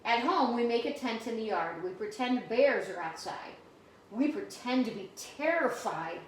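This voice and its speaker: Woman teacher reading a storybook aloud to kids, bright and higher-pitched, recorded from a distance. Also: unhurried, slight background noise. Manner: animated, explains new words to children. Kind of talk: reading a picture book aloud to students. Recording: echoey room, mic at a distance.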